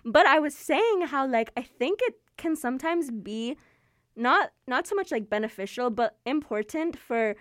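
A woman's voice: sits high, animated, normal speed, fairly bright tone, no room sound, clean studio sound. A young woman co-hosting a radio show in casual chat, laughing often and leaning on filler words.

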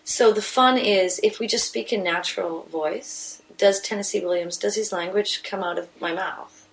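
A woman's voice: medium pitch, normal speed, vocal fry, poor audio. A woman stage actor in a casual interview, recorded inside a house, explaining her ideas thoughtfully with frequent restarts.

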